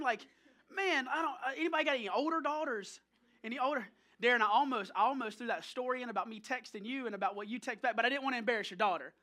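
A man with a strikingly high pitch and a bright, pointed tone, preaching at a church service. He talks in a playful, joking way, spinning stories about family life for his congregation. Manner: playful, jokey storytelling to the congregation. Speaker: pastor. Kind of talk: sermon with personal stories.

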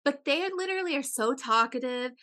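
A young woman with a bright, forward voice pitched a little high. She tells a story in casual chat, animated and swearing freely, with "like" in nearly every phrase. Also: a little fast. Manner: animated, profane storytelling full of "like".

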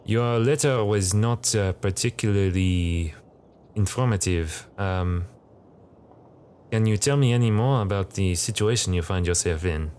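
A man's voice: on the low side, unhurried, darkish tone, slight background noise, natural voice. A man voicing a weary male goblin locksmith who grumbles and sighs about tourists, with a hesitant manner.

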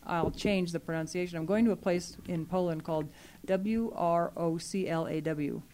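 A woman with a fairly low voice speaks to a group in a meeting. She is earnest and explanatory, and her talk is full of fillers and restarts. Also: normal speed, warm tone, a little hiss or hum. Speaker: library program staff speaking to a user group. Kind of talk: meeting discussion.

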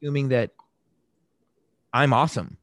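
A man in casual conversation about relationships, animated, acting out quoted arguments in raised voices. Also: mid-range voice, rapid-fire, dry recording.

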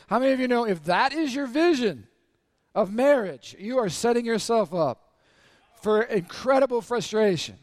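Guy preaching, pretty high voice, bit raspy throat, keeps asking the crowd stuff, dry sound. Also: moderate pace, no room sound. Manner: lively, asks the crowd questions. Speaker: pastor. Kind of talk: sermon to a congregation.

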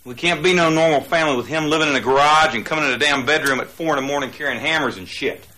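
A gruff jerk barking house rules, bright hard voice. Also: male voice, on the high side, fast talker. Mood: menacing. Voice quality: gruff, swaggering, profane. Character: crude, bullying Southern man laying down household rules. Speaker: film character.

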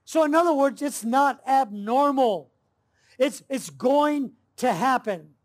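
A man preaching an evening sermon, earnest and deliberate, with frequent "uh" fillers as he works through the text. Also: very high-pitched, animated. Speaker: pastor.

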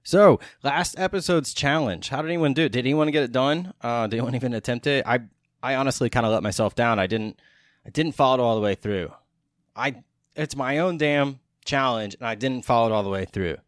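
A Texas man in his thirties hosts a podcast in a casual monologue, loose and profane, restarting his sentences often. His mid-range voice moves fairly quickly, captured in studio quality with no echo.

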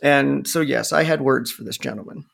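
A middle-aged man with a gravelly, fry-laden voice, swearing freely in relaxed chat. He rambles through stories and acts out the other people in them. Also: medium pitch, moderate pace. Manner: profane, rambling storyteller acting out quotes. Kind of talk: casual chat.

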